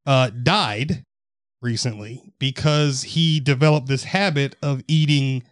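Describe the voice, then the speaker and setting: A man's voice: medium pitch, slow pace, no room sound, clean studio sound. A man co-hosting a podcast, telling a news story casually with rambling, profane asides. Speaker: podcast co-host.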